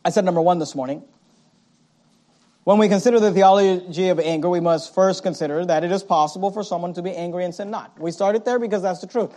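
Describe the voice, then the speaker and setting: A male pastor preaching a sermon, swinging from loud, punchy lines to quiet asides and mimicking his listeners' excuses. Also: sits high, quick pace.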